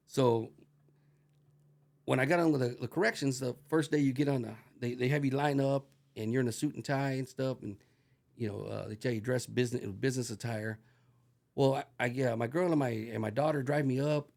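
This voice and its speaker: Middle-aged retired corrections officer, gravelly and profane, livens his stories with acted-out voices. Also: mid-range voice, fairly quick. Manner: profane, animated, acts out voices in anecdotes. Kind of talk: casual storytelling.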